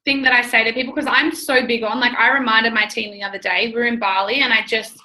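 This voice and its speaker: Bubbly effusive woman in her twenties, bright higher voice, echoey room. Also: steady tone, fast. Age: 20s. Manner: bubbly, effusive, acts out quoted talk. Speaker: guest entrepreneur. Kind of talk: casual call chat.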